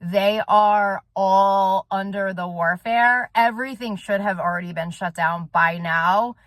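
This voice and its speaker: A woman's voice: mid-range voice, measured pace, fairly bright tone, no echo. Intense, swearing woman in a dry room. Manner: intense, rambling, swears often. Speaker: soul coach and vlogger. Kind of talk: casual direct-to-camera monologue.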